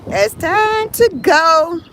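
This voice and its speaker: A middle-aged woman chatting on a live stream with a high, sharp voice. She rants loudly and profanely with lots of animation, speaking into her phone while standing outside near a car. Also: very slow, a little hiss or hum. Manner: loud, profane, animated ranting. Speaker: livestream host. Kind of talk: casual live-stream chat.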